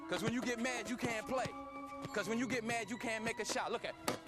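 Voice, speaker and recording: An actor playing a harsh father who goads and trash-talks his son on a basketball court, in a film clip with loud music behind. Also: very high voice, fairly quick. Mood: taunting. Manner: goading, trash-talking.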